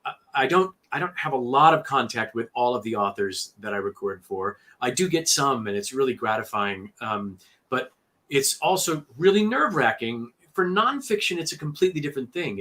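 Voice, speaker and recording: A man's voice: medium pitch, a bit bright. A man who narrates audiobooks, talking animatedly on a video call and restarting his sentences often. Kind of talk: casual conversation on a livestream.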